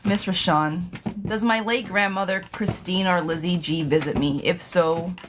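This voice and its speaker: A woman's voice: on the low side, a little slow, background noise. A young woman reading tarot on a live stream, casual and sassy, who laughs often and swears freely.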